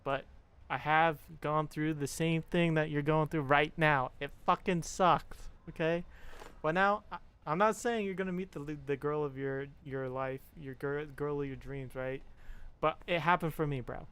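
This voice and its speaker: A man's voice: on the high side, steady tone, measured pace, fairly bright tone, smooth. A young man streaming and talking to his viewers, giving frank, profane relationship advice and mimicking the people he quotes. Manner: frank, swearing, pep-talk style. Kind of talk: casual chat to stream viewers.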